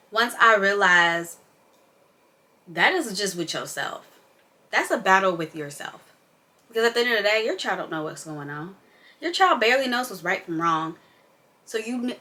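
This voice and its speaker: Bright-voiced young mom venting casually. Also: female voice, mid-range voice. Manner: candid, emphatic, rambling. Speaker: vlogger, mom. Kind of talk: casual unscripted chat.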